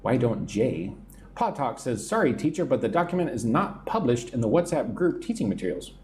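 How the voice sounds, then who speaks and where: American male English teacher, live stream on a phone, chatty, responds to viewer comments, expressive pitch. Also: brisk, a little hiss or hum. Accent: General American. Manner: chatty, reads viewer comments aloud and answers them.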